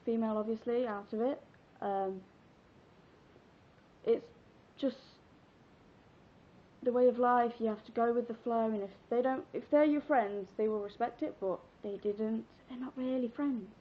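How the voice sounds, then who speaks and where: A woman's voice: on the high side, normal speed. Giggly teenage girl vlogging, lo-fi. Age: teens. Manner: chatty, giggly, rambling with fillers. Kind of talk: casual vlog storytelling. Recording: dull lo-fi webcam audio.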